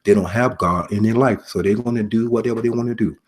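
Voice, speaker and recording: A middle-aged man, formerly in law enforcement, delivering an earnest sermon-style message with repetition and pauses. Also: lowish voice. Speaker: preacher, former police officer.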